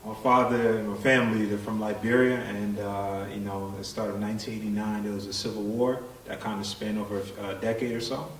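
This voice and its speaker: A man recounting his family's history in a measured way with fillers. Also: lowish voice, level tone. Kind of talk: personal recollection. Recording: roomy, distant, faint hiss.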